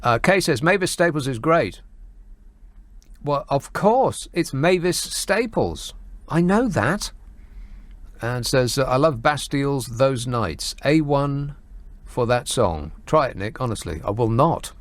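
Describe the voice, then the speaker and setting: A man hosting a radio phone-in, sardonic and quick as he reads out listeners' messages and banters with callers. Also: medium pitch, expressive, dry recording.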